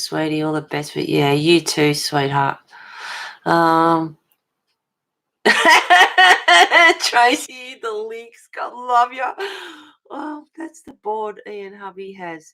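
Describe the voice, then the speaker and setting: Chatty low-voiced woman streaming from home. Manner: chatty, answers viewers' comments with endearments; self-described fussy and pedantic. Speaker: livestream host of a colouring channel. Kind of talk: casual livestream chat. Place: home, at a table. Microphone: webcam.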